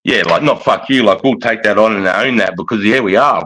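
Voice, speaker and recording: A man's voice: on the low side, animated, moderate pace, sharp tone, breathy edge, low-quality recording. An Australian man in casual chat, swearing freely and calling his friend mate and bro. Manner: blokey, swears a lot, calls listener mate and bro. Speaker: podcast co-host.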